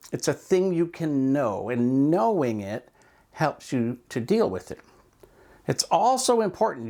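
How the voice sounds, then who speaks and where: A man's voice: medium pitch, a little mellow. A man, a speaker and coach, talking casually and reflectively about mindfulness, with loose asides and examples of self-talk.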